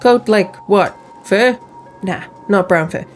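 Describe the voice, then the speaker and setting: A woman's voice: mid-range voice, takes it slowly, faint music behind, close to an everyday voice. Chill talking goat, casual, unbothered, woman voicing it. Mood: laid-back. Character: laid-back, easygoing talking goat.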